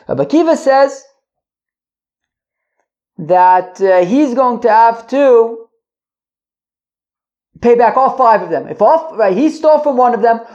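A woman's voice: on the high side, a little mellow. A woman hosting a casual Talmud study lesson, reasoning aloud, restarting her sentences and checking that listeners follow. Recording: dull lo-fi audio.

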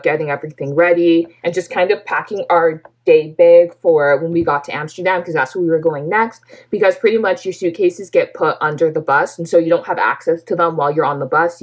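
A young woman from Canada chatting casually, filling her talk with "like" and laughing often. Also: low-pitched. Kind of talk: casual chat.

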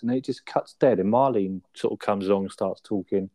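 Talking quickly with hardly any pauses, a man with a medium-pitched, dark-toned voice co-hosts a podcast with no room sound. He laughs his way through recounting sitcom scenes, adding questions as he goes, in a casual episode review.

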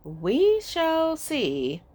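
A woman voicing a sly talking hat in a storybook reading, in a teasing, higher voice. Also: wildly swooping pitch, extremely slow, a little mellow, heavily acted.

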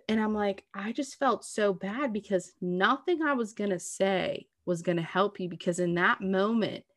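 A woman's voice: medium pitch, no room sound, studio quality. A woman in casual heartfelt conversation, talking at length in an earnest, reassuring way with lots of "like" and "you know what I mean". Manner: talkative, earnest, reassuring, full of "like".

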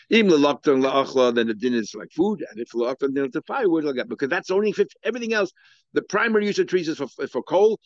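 With no room sound and dull audio, a man with a mid-range voice delivers his daily Talmud lesson in a Yeshivish English accent, dropping in Hebrew and Aramaic terms. He reasons out loud, full of fillers and false starts.

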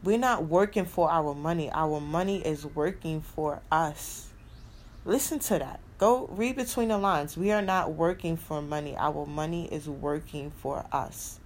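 Emphatic lower-voiced woman podcaster. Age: adult with a son. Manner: emphatic, repeats key phrases, swears freely. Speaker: podcast host. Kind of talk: casual motivational monologue.

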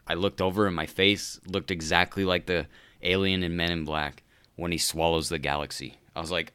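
A man's voice: deep voice, fairly even intonation, normal speed, fairly bright tone, smooth. A man ranting casually in a profane, rambling comedic style, calling everyone "dude.".

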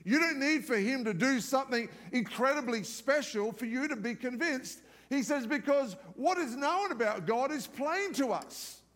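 A male pastor with a notably high voice gives a live sermon, talking to the congregation in a lively, conversational way and slipping in humorous asides. His voice rings out with the long reverb of a large church hall. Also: normal speed, few pauses. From outside the United States.

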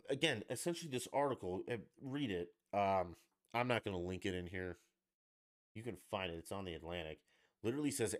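A low-pitched man rants through a political podcast monologue. He talks bluntly and sarcastically and swears freely. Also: expressive, a little fast. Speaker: podcast host. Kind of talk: angry political rant.

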